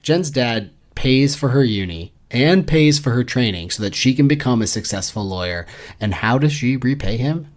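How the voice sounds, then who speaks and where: A man co-hosting a book podcast in relaxed conversation. He makes sarcastic, jokey asides in an ordinary middle-pitched voice. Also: normal speed. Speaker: podcast co-host. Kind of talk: casual book discussion.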